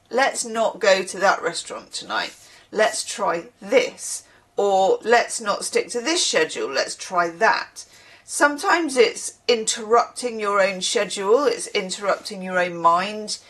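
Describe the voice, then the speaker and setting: A woman's voice: mid-range voice, a bit bright. A tired woman giving a casual tarot reading, chatty and digressive, with the odd casual swear word. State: tired from little sleep. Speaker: tarot reader.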